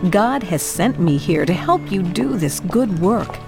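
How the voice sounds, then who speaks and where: A woman's voice: medium pitch, expressive, unhurried, vocal fry, over music. A woman voicing Nehemiah, a humble and faithful young servant in a children's Bible storybook, speaking earnestly. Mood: encouraging. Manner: earnest and encouraging.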